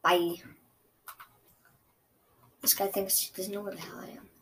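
A young woman commenting live on her own gameplay, chatty and excitable, trash-talking her opponent. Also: medium pitch, unhurried, background noise. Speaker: gaming streamer.

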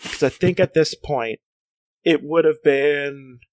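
A man's voice: fairly high pitch, takes it slowly, a little mellow, no echo, clean studio sound. A man co-hosting a casual chat, hesitant with many fillers and restarts.

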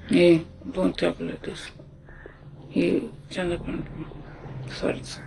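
A storyteller with an Indian English accent, talking casually and haltingly, acting out the dialogue and switching into Hindi now and then. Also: medium pitch, little pitch movement, creaky. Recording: music playing behind the voice.

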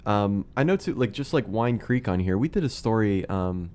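A man with a very deep voice hosts a relaxed podcast interview. His questions come out loose and full of fillers as he feels his way through them. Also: moderate pace. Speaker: podcast host. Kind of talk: casual interview.

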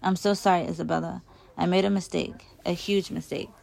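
A woman voicing a calm, remorseful father who softly pleads with his daughter in a novel reading. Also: lowish voice, brisk, gravelly, dry recording. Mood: pleading. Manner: soft and pleading.

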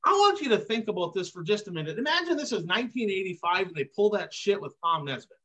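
A man's voice: high voice, big pitch swings, quick pace, pushed and bright, dull audio. A man hosting a racing podcast, ranting emphatically in casual commentary and hammering his points with repeated catchphrases. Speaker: podcast host. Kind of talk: heated casual commentary on dirt track racing.

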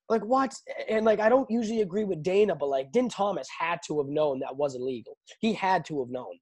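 A young man hosting a casual chat about fights, animated and laughing, often restarting his sentences. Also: high-pitched, brisk, slightly rough. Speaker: podcast host.

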